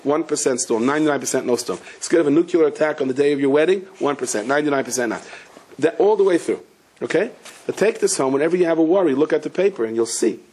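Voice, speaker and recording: Husky rabbi telling a humorous story. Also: male voice, fairly high pitch, expressive, quick pace, a little mellow. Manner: conversational, humorous, asks the audience questions and answers them. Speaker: rabbi giving a talk. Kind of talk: storytelling sermon.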